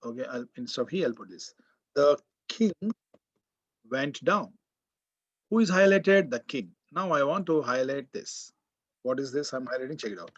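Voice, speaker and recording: A man's voice: mid-range voice, animated, fairly quick. A man with an Indian English accent giving a college grammar lecture, repeating key words and quizzing the class. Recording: dull, muffled lo-fi sound.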